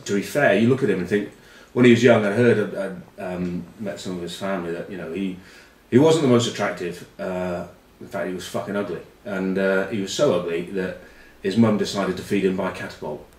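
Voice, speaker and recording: A man's voice: deep voice, brisk, a little mellow, reverberant, recorded from a distance. A man telling rambling, wry comic stories with lots of asides, in casual chat. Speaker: show regular telling stories.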